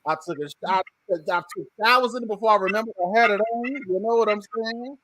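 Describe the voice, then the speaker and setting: A man's voice: high voice, quick pace, sharp tone, no room sound, low-quality recording. A man hosting a podcast, trading jokes in loose, boastful casual banter and laughing often. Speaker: podcast host.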